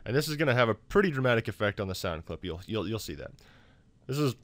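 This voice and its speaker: Man, low voice, casual tutorial narration, lots of fillers and restarts, dry close mic. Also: animated, quick pace, a bit bright, no room sound. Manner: loose, full of fillers and restarts. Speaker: YouTube tutorial maker.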